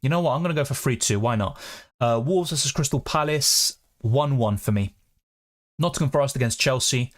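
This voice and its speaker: A young man hosting a live question-and-answer stream, chatting quickly and reading out viewer comments. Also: mid-range voice. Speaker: fantasy football streamer.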